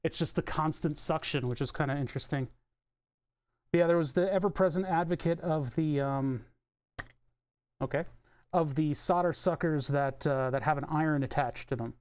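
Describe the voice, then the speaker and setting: A man's voice: a little high, moderate pace, clear, resonant tone. Rambling man thinking aloud at a workbench. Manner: rambling, offhand, thinks aloud, swears casually. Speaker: electronics streamer. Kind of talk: casual live-stream chat while soldering. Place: home electronics workbench.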